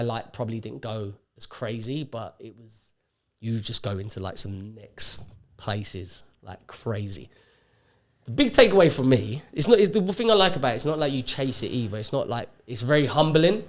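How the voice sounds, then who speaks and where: A man spins a casual story as a podcast guest, his pitch sitting in an ordinary middle range. He talks in an animated way and acts out other people's lines as he goes. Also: moderate pace.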